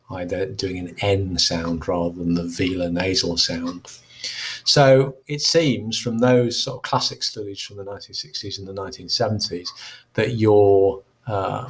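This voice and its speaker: A male English teacher talking students through an exam question in a measured, explanatory way with frequent fillers. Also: fairly low pitch. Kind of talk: recorded lesson walkthrough.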